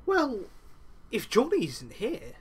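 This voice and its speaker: A smug, scheming wrestler, put on by a man with a voice pushed well above his usual pitch. He gloats, pleased with himself, and his delivery rises and falls with animated swings. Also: slow pace, slightly rough, full character voice. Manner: gloating, self-satisfied.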